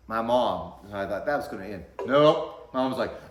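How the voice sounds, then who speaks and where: A man in his forties, a vlogger telling a story in a casual, animated way, often rising loud and high in excitement, talking from his workshop. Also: normal speed, few pauses. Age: 40s. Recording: echoey workshop room.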